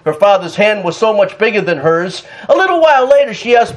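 Fervent high-voiced male preacher. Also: animated, brisk, few pauses. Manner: fervent, emphatic, breaks into shouts and laughter. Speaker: pastor. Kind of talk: sermon.

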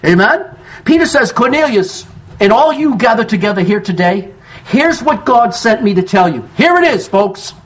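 A man's voice: sits high, lively intonation, moderate pace. A man preaching a sermon as pastor, quoting scripture with strong emphasis and calling out to his congregation for responses. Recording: dull lo-fi sound.

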